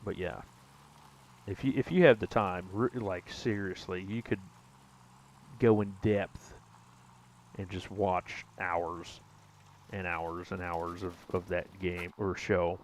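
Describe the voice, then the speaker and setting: A man's voice: deep voice, fairly even intonation, takes it slowly, long pauses, a little hiss or hum, rough recording. A young man giving casual gameplay commentary, chatting with viewers in a rambling, self-correcting way with mild exclamations. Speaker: gaming streamer.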